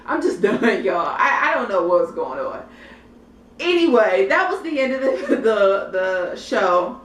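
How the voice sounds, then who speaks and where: A woman's voice: on the high side, sing-song, moderate pace, fairly bright tone, far from the mic. A sassy young woman rants through a reality TV review in loose, profane vlog talk and speaks straight to her viewers. She sits a little away from the mic, so her voice bounces around a roomy space. A faint hum of noise runs underneath. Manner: sassy, blunt, profane, chatty, addresses viewers directly. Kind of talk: casual vlog commentary.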